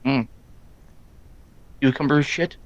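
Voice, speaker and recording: A middle-aged man chatting casually on a live stream, loud and quick, rambling from story to story. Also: mid-range voice, fairly even intonation, dull audio. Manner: loud, fast-talking, rambling. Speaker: streamer co-host. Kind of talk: casual chat.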